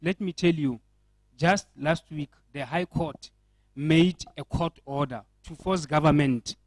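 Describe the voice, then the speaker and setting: South African man, fairly high voice, earnest, rhetorical questions, dry close sound. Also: measured pace, no room sound, rough recording. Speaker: panel speaker. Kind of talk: panel discussion remarks. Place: indoor event.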